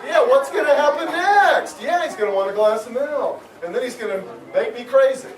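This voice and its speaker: A man, a children's author, giving a lively, expressive talk to schoolchildren and asking them questions. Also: very high-pitched, normal speed, over a noisy crowd, heavy background noise. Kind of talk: animated talk and reading to schoolchildren. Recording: echoey school room, far from mic. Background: children in the audience.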